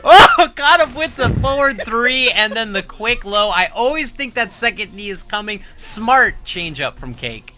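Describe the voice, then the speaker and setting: Animated, bright-voiced male esports caster. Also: extremely high pitch, measured pace, few pauses. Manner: animated, excitable, laughs often. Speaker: esports commentator. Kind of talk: fighting game tournament commentary.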